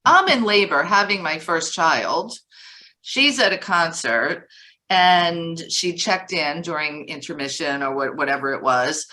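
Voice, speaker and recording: A woman co-hosting a casual chat, telling stories in a lively, animated way. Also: on the low side, unhurried. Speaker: co-founder and co-host.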